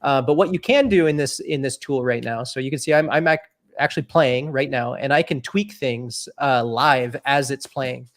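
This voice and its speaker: A man with a gravelly, creaky voice walks through a software demo in a loose, thinking-aloud way. He comes through a video call mic and pauses often to find his words. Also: medium pitch. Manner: relaxed, thinking aloud with fillers. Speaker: developer demoing a product. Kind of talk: casual live-stream demo.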